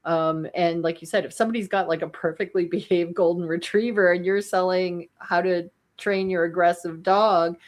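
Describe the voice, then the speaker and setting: A woman's voice: on the low side, fairly even intonation, moderate pace, hardly any pauses. A woman hosting an interview over a video call, talking casually with many fillers and restarts. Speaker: podcast host. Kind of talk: conversational interview.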